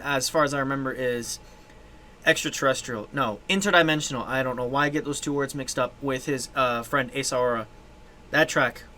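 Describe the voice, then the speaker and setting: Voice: mid-range voice, slight background noise. A host reacting to electronic music tracks in casual commentary, gushing and rambling with restarts and the odd swear word. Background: loud electronic music playing.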